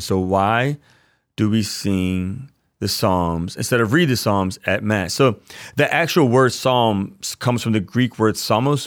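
A man's voice: lowish voice, no echo, studio quality. A man, a priest hosting a podcast, teaching casually in an earnest, enthusiastic way, often repeating himself.

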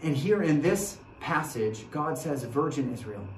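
A man gives a sermon in an earnest, repetitive way, his voice on the high side for a man. He sinks to near-hushed passages, then lifts into rousing calls. The sound is roomy and distant, caught by a far-off mic in a church with faint noise behind. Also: animated, measured pace. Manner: earnest, repeats phrases, swings from hushed to rousing. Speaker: pastor. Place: church sanctuary.

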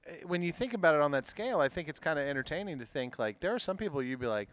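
A man with a fairly high, bright voice that swings all over as he talks. He rambles through crude jokes and breaks into loud laughter. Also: lively intonation, very fast. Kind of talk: casual crude banter.

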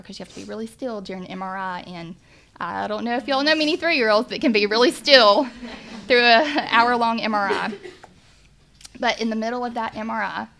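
A woman's voice: medium pitch, gravelly, a bit bright, slight background noise. A woman, earnestly telling her family's faith testimony. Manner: earnest, emotional, faith-filled. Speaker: mother sharing a testimony. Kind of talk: personal testimony storytelling.

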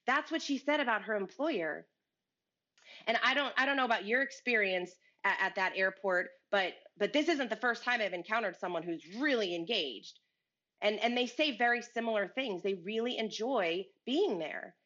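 A woman's voice: on the high side, fairly bright tone, lo-fi sound. A woman talking earnestly about leadership and work on a podcast, telling a story and acting out both sides of the conversation. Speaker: guest speaker on leadership.

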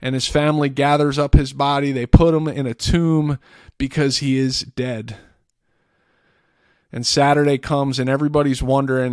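A man's voice: medium pitch, flat delivery, normal speed, no echo, clean studio sound. A man hosting a podcast, earnestly retelling a scripture story in a casual way, often repeating and restarting words. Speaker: podcast host. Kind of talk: faith talk, retelling scripture.

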